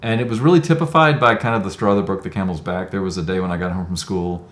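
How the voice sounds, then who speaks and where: A man's voice: low voice, fast, a bit bright, roomy sound. A man in his fifties telling his life story in an interview, reflective and conversational with frequent "um"s. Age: 50s. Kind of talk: personal storytelling.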